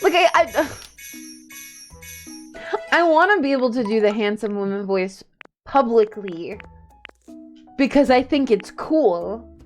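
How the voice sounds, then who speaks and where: A woman streaming a game live, chatting casually, excitable and a little shy in her asides. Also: a little high, slow pace, long pauses, soft background music.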